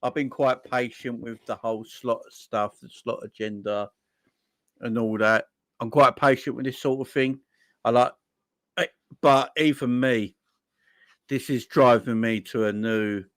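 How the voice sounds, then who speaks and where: A young man hosting a fan live stream, swearing and exasperated, with his voice swinging between loud and quiet. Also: mid-range voice, fairly even intonation, a little slow, dry recording, studio quality. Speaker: football fan channel host. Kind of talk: casual live-stream rant.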